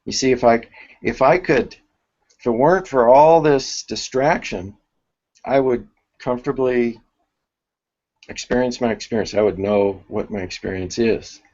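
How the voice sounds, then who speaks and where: A man teaching a spiritual workshop, thinking aloud with many restarts and pauses. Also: medium pitch, darkish tone, muffled recording.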